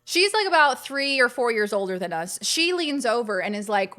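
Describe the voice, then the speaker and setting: A woman's voice: fairly high pitch, sing-song, moderate pace, pushed and bright. A young adult woman hosting a casual live game stream, chatting to viewers in a bubbly, gushing way. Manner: chatty, bubbly, gushes when greeting viewers.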